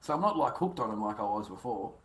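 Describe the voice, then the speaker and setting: An Australian man rambling on a livestream, swearing often and swinging between loud rants and muttered whispers. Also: lowish voice, animated, fast.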